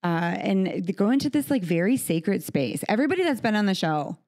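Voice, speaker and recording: A woman's voice: mid-range voice, sing-song, a little fast, a little mellow. A woman hosting a podcast in a recording studio, talking in a heartfelt, earnest way in a conversational interview. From United States. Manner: heartfelt, earnest, speaks of faith. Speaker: podcast host.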